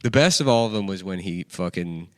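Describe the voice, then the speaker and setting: Guy, lowish voice, rambling swear-heavy stories on a comedy podcast. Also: expressive, brisk, smooth, dry recording, studio quality. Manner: rambling, profane, acts out quotes. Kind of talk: casual banter, storytelling.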